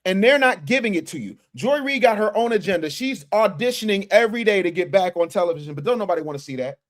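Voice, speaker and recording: A man's voice: high voice, animated, quick pace. A man hosting a casual livestream, talking to his chat in slang and reading out super chats from his office. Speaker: livestream host.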